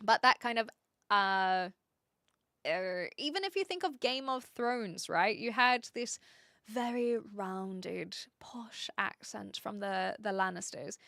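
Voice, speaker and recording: A woman's voice: medium pitch, takes it slowly, creaky, sharp tone, dry recording, studio quality. A woman streamer chatting casually with viewers, rambling and correcting herself with lots of fillers. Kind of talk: casual chat answering viewers.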